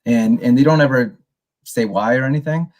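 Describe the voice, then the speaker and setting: A man co-hosting a relaxed podcast chat about a film. He rambles, stops and restarts his sentences, and livens up when he retells a scene. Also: mid-range voice, normal speed. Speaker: podcast co-host. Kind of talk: casual movie review chat.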